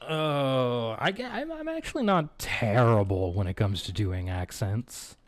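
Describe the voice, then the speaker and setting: A man's voice: medium pitch, sing-song, measured pace, no room sound, soft background music. A man chatting casually on a live game stream, joking crudely and laughing often.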